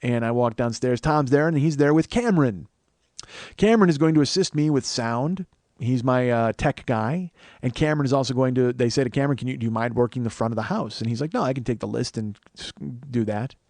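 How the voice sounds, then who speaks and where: A comedian hosting his podcast tells a long, profane story, swearing freely and animatedly acting out the people involved. His voice sits in the mid range, with no echo.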